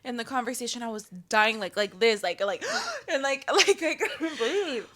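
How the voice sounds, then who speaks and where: A woman's voice: on the high side, expressive, moderate pace, fairly bright tone. A young woman co-hosting a podcast, giggly and casual, swearing as she chats. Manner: giggly, swears, joins in on the stories. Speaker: podcast co-host. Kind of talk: casual chat.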